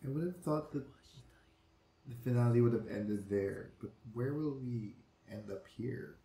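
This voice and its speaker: A man giving live reaction commentary on an anime, excitable and swearing freely as he exclaims at the screen. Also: medium pitch, a little slow. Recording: echoey room with faint music.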